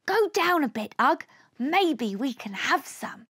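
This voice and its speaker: A woman's voice: high voice, sing-song, slow pace, a bit bright, no room sound, clean studio sound, exaggerated voice. A woman doing a timid little alien explorer. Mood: nervous. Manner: nervous, fretful.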